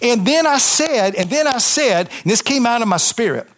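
A man's voice: very high voice, expressive, moderate pace, a bit bright. A man, a pastor giving an impassioned, conversational testimony sermon to a congregation in church, with emphatic repetition.

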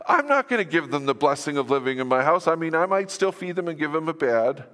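A man's voice: medium pitch, fast talker, fairly bright tone, clear, resonant tone. An older man preaching a sermon to his church, conversational and earnest, with self-deprecating asides. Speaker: pastor. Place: church sanctuary. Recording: echoey hall reverb.

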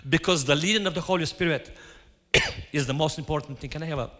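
A man's voice: a little high, fast talker, pushed and bright. Man preaching in a reverberant church. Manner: storytelling, acts out his own quoted lines. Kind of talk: sermon. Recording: hall reverb.

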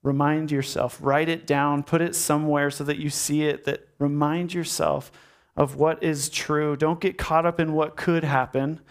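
A man preaching a sermon as a pastor, earnest, with repeated phrases and rhetorical questions, sometimes dropping to a soft, low delivery. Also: level tone, unhurried.

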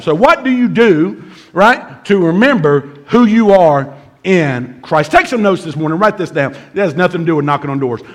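Lively high-voiced preacher man. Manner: animated storyteller, shouts and laughs through the punchlines. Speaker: pastor. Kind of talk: sermon with comic storytelling.

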